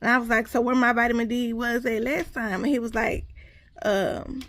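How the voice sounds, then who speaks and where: Animated woman telling a story, gravelly. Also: a little high, moderate pace, no room sound. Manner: animated, quotes others, addresses viewers as y'all. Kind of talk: casual storytelling to viewers.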